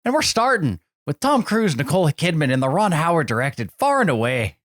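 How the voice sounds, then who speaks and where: Male co-host, wry joking chat, hugely animated pitch, dry close sound. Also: a little fast, dry recording. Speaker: podcast co-host. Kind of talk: casual chat.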